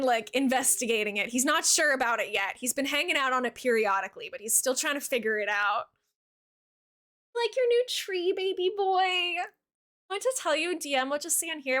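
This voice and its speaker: A woman's voice: sits high, bright, forceful tone. A young woman streaming a cozy game, chatting casually and sweetly with her viewers and her cat. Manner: bubbly, gushing, talks sweetly to her cat and chat. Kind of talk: casual live-stream chat.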